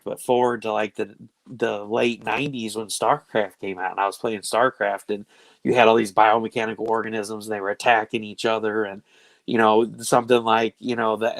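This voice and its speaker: A man's voice: lowish voice, little pitch movement, normal speed, no echo. A man hosting a casual chat show, rambling enthusiastically and laughing often. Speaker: show host.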